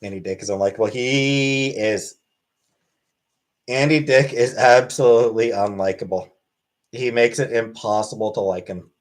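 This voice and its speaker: A man hosting a casual livestream Q&A, reading chat questions aloud and answering in a wry, deadpan way. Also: mid-range voice, moderate pace. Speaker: livestream host.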